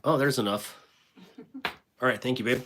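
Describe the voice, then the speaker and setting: A man's voice: mid-range voice, unhurried, noisy background. A man hosting a casual livestream, rambling with many fillers and restarts while he reads viewer comments aloud and answers them. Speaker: livestream host.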